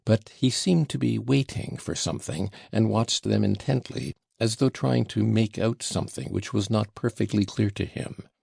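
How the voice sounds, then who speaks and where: A man reads a classic novel as an audiobook, measured and deliberate. His voice is very deep, gravelly and a little husky. The recording is close and dry. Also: darkish tone, no echo. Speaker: audiobook narrator. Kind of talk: scripted narration of a classic novel.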